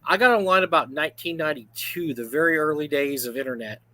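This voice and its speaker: Co-host, man in his 50s, fairly high voice, animated storyteller, casual stream chat. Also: fast. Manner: animated storyteller, full of asides. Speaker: livestream co-host.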